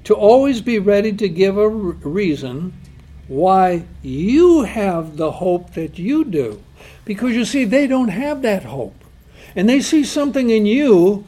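A man's voice: high-pitched, very animated, a little slow, dark tone. A man preaching a sermon, emphatic, asking rhetorical questions and quoting God and scripture.

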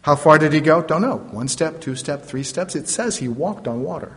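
A man's voice: fairly high pitch, normal speed. Dramatic preacher, man, in a ringing hall. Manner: dramatic, animated storytelling with asides. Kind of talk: sermon. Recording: long reverb of a large hall.

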